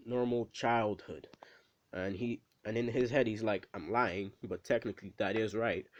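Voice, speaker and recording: A man casually retelling an anime fan story, rambling with fillers and quick asides to the listener. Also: fairly low pitch.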